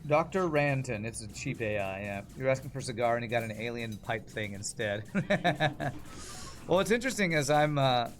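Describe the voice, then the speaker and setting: A man chatting casually as he streams a game, rambling and laughing often. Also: mid-range voice. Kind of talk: casual gameplay commentary.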